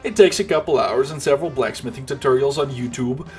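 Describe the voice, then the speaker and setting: A man runs a comedic role-play story as game master. He talks in a casual, joking way at an ordinary pitch and swears without hesitation. Light music plays underneath. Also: fast talker.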